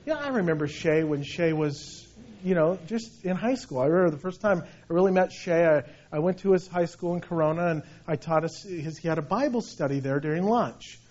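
Middle-aged male pastor with a high voice, animated anecdotal preaching; muffled lo-fi recording. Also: fairly quick. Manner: conversational, animated storytelling with restarts. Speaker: senior pastor. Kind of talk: sermon. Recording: dull lo-fi sound.

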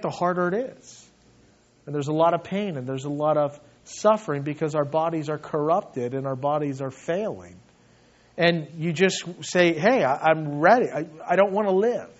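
A male pastor preaching with a high, lively voice, slipping into little acted-out voices and laughing as he goes. The recording sounds dull and lo-fi, like an old church tape. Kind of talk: sermon.

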